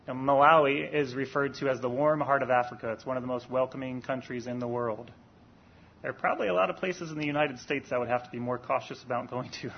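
A man preaching a sermon in an earnest, deliberate way, rising for emphasis on key points. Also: mid-range voice, steady tone, vocal fry, breathy edge, lo-fi sound.

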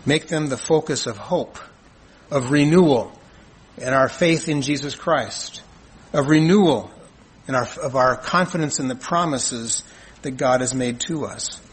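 A man preaching a sermon in an earnest, measured way, asking rhetorical questions and answering them. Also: mid-range voice, fairly bright tone, slight background noise, low-quality recording. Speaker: pastor.

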